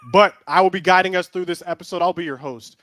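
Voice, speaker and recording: A man's voice: high voice, steady tone, fast talker, a bit bright, dry recording. A man hosting a casual sports show over a video call, with upbeat announcer-like introductions. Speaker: host. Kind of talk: casual sports podcast chat.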